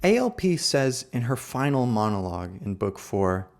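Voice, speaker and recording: A man's voice: mid-range voice, sing-song, moderate pace. Thoughtful American man lecturing. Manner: thoughtful, explanatory. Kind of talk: literary lecture.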